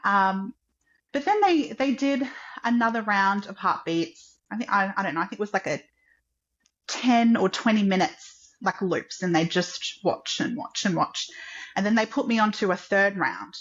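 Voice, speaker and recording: Animated and medium in pitch, she talks at a moderate pace over dull audio. A guest on a podcast, she tells a personal story in chatty fashion, quoting others theatrically and saying "like" a lot.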